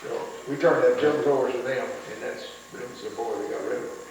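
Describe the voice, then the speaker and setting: A man's voice: medium pitch, fast, darkish tone. An older veteran man tells rambling wartime stories, repeating words and acting out what others said. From United States. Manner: rambling storyteller, repeats words, acts out quotes. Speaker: veteran interviewee. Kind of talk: oral history recollection. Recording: echoey room, distant mic, faint noise.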